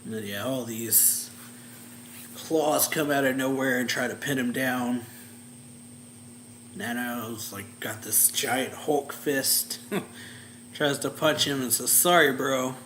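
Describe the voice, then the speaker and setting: Bright-voiced man recapping casually. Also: mid-range voice, slow pace, long pauses, slight background noise. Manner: rambling, filler-heavy, chuckling to himself. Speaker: reaction channel host. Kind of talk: casual manga chapter recap.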